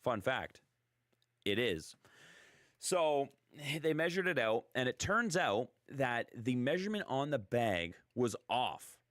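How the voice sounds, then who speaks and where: A man's voice: mid-range voice, big pitch swings, slow, a bit bright, no room sound, clean studio sound. A man hosting a radio show in a casual, chatty, rambling way, joking at his own expense. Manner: chatty, rambling, self-deprecating. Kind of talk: casual talk radio chat.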